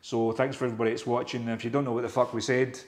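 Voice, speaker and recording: A man's voice: medium pitch, flat delivery, racing, noisy background. Laid-back man in an echoey room. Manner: laid-back, swears casually, says "aye" and "you know". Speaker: host. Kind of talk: casual interview chat.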